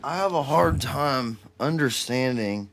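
A young man from Texas hosting a solo podcast, ranting with heavy swearing and then sinking into a tired, low murmur. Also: animated, a little slow, gravelly, fairly bright tone, slight background noise. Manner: profane, heated ranting that cools to a weary murmur. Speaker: podcast host.

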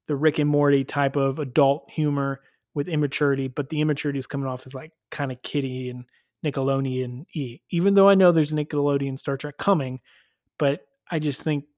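A man hosting a casual review podcast, animated and chatty, with lots of fillers and frequent laughs. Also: mid-range voice, no echo, studio quality. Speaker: podcast host reviewing episodes.

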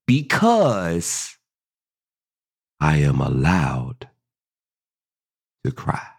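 Very slow, lilting affirmation reader. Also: medium pitch. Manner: slow, deliberate, repeats key phrases. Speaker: podcast host. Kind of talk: reading spoken affirmations.

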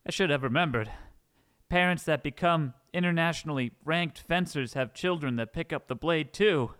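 A man's voice: a little high, moderate pace, a bit bright, smooth, natural voice. A man playing an overdramatic fencer father in a comedy sketch, lurching from stern lecturing to sobbing apologies. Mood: tearful. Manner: melodramatic, swings from stern to sobbing. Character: doting overdramatic fencer father, middle-aged.

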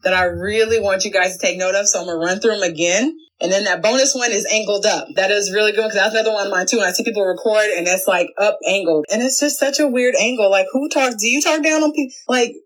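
A young adult woman in a home office giving casual, animated tips to a phone camera, chatty and playful. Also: medium pitch, quick pace, hardly any pauses, low-quality recording. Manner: chatty, animated, acts out little voices. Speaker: social media video coach.

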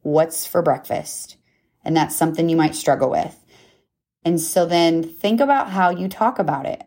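A woman in her thirties hosts a podcast in a casual motivational monologue. Her voice sits a little low. She talks emphatically and chattily, checks in with her listeners often, and laughs at herself. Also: normal speed, a little mellow. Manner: chatty, emphatic, frequent "okay?" and "right?" check-ins. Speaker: podcast host.

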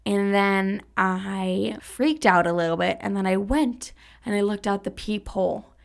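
A young woman in her twenties talks through a wild personal story, blunt and profane. Her voice has a gravelly, fry-heavy edge, and she sits at a middle pitch. She jumps into acting out quotes with lots of drama. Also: a little slow. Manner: candid, profane, dramatic retelling with acted-out quotes. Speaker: podcast host. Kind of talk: casual storytelling monologue.

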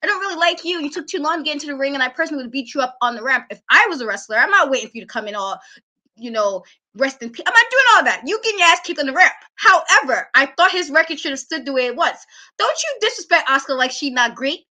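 A woman co-hosting a wrestling talk show, ranting in an animated, exasperated way and laughing often. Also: high-pitched, fast talker. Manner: emphatic repetition. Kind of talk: casual podcast rant.

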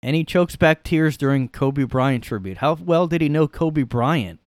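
A man's voice: a little high, lively intonation, a little slow, no room sound, studio quality. A man hosting a casual solo podcast from his room, ranting sarcastically and rambling through his opinions. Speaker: podcast host.

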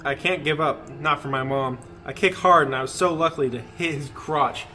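A man's voice: on the high side, normal speed, bright, forceful tone, soft background music. A man co-hosting a podcast, reading a creepy story aloud and breaking off to laugh and joke. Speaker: podcast co-host.

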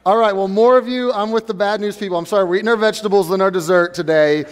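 Male pastor, high-pitched, conversational preaching to the congregation, long church-hall reverb. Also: quick pace, clear, resonant tone. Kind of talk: sermon. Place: church sanctuary.

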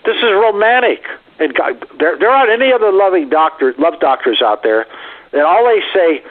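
A man's voice: sits high, lively intonation, moderate pace. A man giving blunt dating advice on the radio, wisecracking and acting out bits of dialogue. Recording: tinny phone line.

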